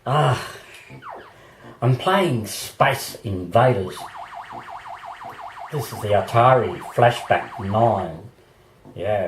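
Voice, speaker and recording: A man with an Australian accent, hoarse and losing his voice, chatting in a rambling vlog with many ums and little laughs. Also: on the low side, darkish tone. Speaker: vlogger. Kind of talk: casual vlog chat. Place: walking outdoors. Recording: outdoor background noise.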